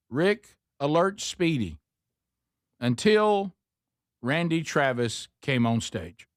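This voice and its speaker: A man's voice: mid-range voice, big pitch swings, takes it slowly, clear, resonant tone, no echo, clean studio sound. A man hosting a radio talk show, reading a listener's email aloud and tossing wry asides to his co-hosts.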